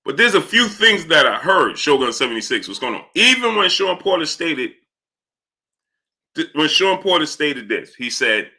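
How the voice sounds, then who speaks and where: A man's voice: a little high, very animated, normal speed, bright, forceful tone. A man hosting a casual live stream, talking through his point while he greets viewers by name from the chat.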